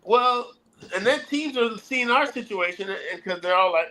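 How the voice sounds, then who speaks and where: A man's voice: high-pitched, lively intonation, moderate pace, sharp tone, low-quality recording. An American man co-hosting a casual sports podcast, talking animatedly and acting out quotes in put-on voices. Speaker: podcast co-host.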